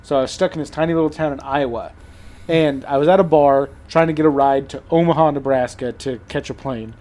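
A man co-hosting a podcast in casual chat, joking and chiming in with quick asides. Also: a little high, mellow. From Oregon, US. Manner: jokey, chimes in with quick asides. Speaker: podcast co-host.

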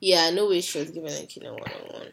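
A woman's voice: low voice, fast talker, creaky, crowd noise. A young woman co-hosting a podcast, chatting casually about a TV show in laid-back, slangy banter and laughing a lot. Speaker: podcast co-host. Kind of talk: casual chat recapping a TV show.

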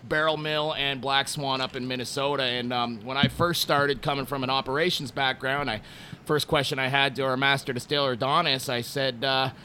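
A man from Montreal, Canada, talking casually about his work at a distillery, telling relaxed stories with lots of fillers. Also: mid-range voice, a little fast, a little hiss or hum. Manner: relaxed storytelling with many fillers. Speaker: distillery brand representative. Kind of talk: casual interview talk.

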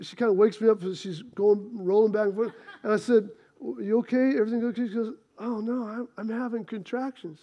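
A man preaching a sermon, telling stories with animated swings from loud outbursts to quiet asides. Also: very high-pitched. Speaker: pastor.

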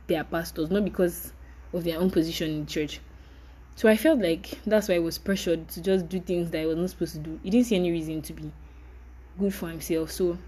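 Young woman, solo podcast host; candid and chatty, warm low tone. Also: slightly rough, poor audio. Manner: candid, chatty, apologetic, with light laughs. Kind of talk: casual solo podcast monologue.

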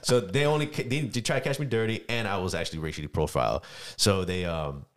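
A man from the United States, a guest on a casual podcast, telling stories fast in a very deep voice. He talks in slang and acts out every exchange. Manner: animated storyteller acting out dialogue, slangy. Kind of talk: casual storytelling chat.

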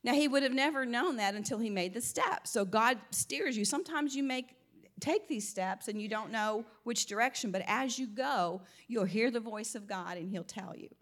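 With a faint Southern US twang, a woman from the American South shares an informal Christian teaching in a slightly high, fairly bright voice at a moderate pace. She's talkative and laughs often, repeatedly restarting what she's saying.

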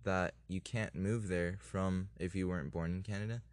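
A man's voice: low-pitched, fairly even intonation, moderate pace, dry recording. A man in casual chat with a friend, laughing often and trailing off mid-sentence as he improvises rhymes.

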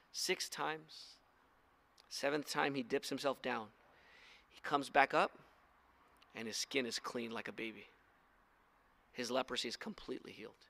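A man's voice: a little high, sharp tone. A man preaching a sermon in a church as pastor, making earnest, direct appeals to his listeners. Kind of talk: sermon with storytelling.

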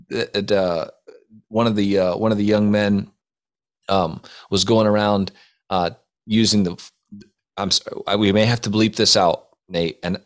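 A man's voice: on the low side, fairly bright tone. Man, casual chat, mock-solemn storytelling, laughs at his own jokes. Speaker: podcast co-host.

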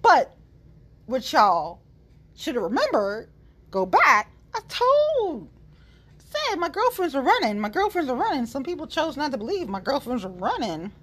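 Sassy animated woman vlogging. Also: high-pitched, normal speed. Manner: animated, profane, sassy, talks straight to viewers. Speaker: political commentator. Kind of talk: casual unscripted monologue to followers.

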